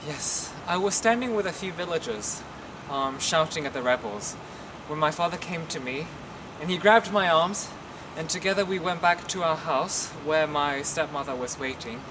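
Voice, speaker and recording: Man as shaken young man, halting telling, very noisy take. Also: a little high, natural voice. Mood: solemn. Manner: halting, earnest storytelling with pauses. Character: young man, magistrate's son, earnest and shaken. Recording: loud background noise.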